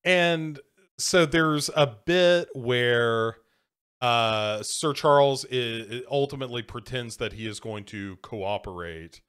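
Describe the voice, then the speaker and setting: A man co-hosting a film podcast, patiently summarizing a movie's plot. He speaks in loose, halting phrases full of fillers, at an ordinary middle pitch. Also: fairly bright tone, clear, resonant tone. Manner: methodical plot recap, hesitant fillers and restarts. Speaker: podcast co-host. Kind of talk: casual movie chat.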